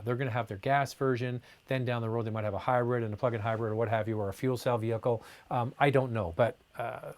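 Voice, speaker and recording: A man in a relaxed live Q&A, talking off the cuff as he reads out viewer comments and answers them. His pitch sits in an ordinary middle range. His talk is loose and chatty, full of ums and restarts. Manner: casual, chatty, reads comments aloud with many fillers. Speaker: host answering viewer questions. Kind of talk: live Q&A chat.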